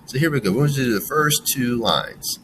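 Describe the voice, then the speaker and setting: A man's voice: mid-range voice, lively intonation, fairly bright tone, slight background noise, low-quality recording. A man teaching a phonics lesson to children, sounding out letters one by one and walking the class through each word. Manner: slow, sounding out letters and praising.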